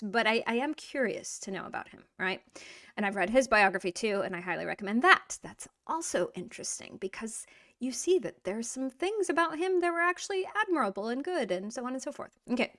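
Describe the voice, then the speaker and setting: A woman's voice: a little high, animated, brisk, bright, forceful tone, no echo, studio quality. A woman teaching a casual video language lesson in a playful, chatty way that pokes fun at herself. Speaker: Russian teacher.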